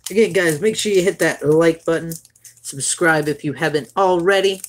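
A man's voice: on the high side, moderate pace. Young man, Floridian Southern accent, casual live-stream chat, rambling, friendly to viewers. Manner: chatty, rambling, greets and thanks viewers by name. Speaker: streamer opening trading card packs.

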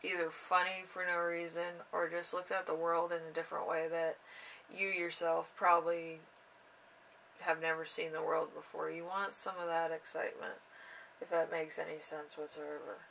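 A young woman giving a casual tarot reading in an unhurried, rambling way with drawn-out fillers. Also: sits low, level tone, vocal fry, fairly bright tone, recorded from a distance, a little hiss or hum, rough recording. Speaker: tarot reader.

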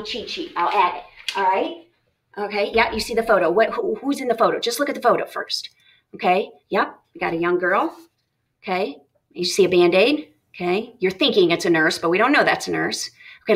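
A woman teacher modeling a reading lesson, thinking aloud with lively, emphatic self-questions. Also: medium pitch, low-quality recording.

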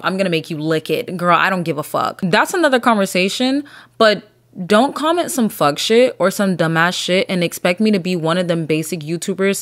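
A woman's voice: on the low side, no echo. Solo podcast host, young adult woman, brash and profane, dead-dry booth sound. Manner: blunt, profane, rambling. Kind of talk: casual solo podcast chat.

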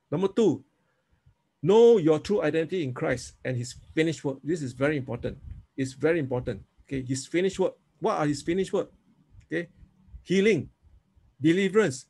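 A man's voice: a little high, creaky, darkish tone, husky. A man preaching a teaching sermon, leading his listeners in spoken prayers and checking in with "okay?" again and again. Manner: repetitive, coaxing, frequent "okay?"; leads congregation in spoken prayers.

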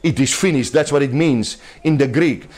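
A man's voice: medium pitch, normal speed, a little mellow. A man preaching a sermon to a small home gathering, in an emphatic, conversational way with a little laughter.

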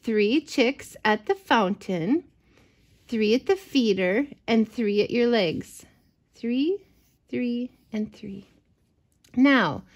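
A woman reading a picture book aloud to a child, gentle and expressive, with chatty asides. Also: fairly high pitch, takes it slowly, pauses often. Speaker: storyteller for children. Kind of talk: read-aloud storytelling to a child.

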